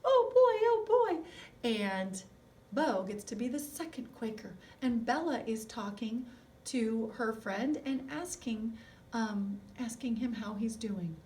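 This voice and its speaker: A woman's voice: a little high, a little mellow, distant mic. A woman music teacher giving a recorded video lesson to young children, talking in an encouraging way and asking them lots of questions. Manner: slow, encouraging, asks children many questions.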